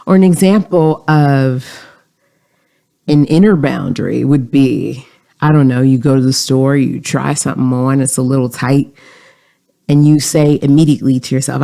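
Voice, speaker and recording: Podcast host w/ a gravelly low-key voice, calm coaching self-help talk. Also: normal speed.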